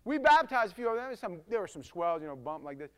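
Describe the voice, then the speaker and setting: A male preacher giving a casual, emphatic sermon that swings from loud to hushed. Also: high voice, big pitch swings, fast, smooth.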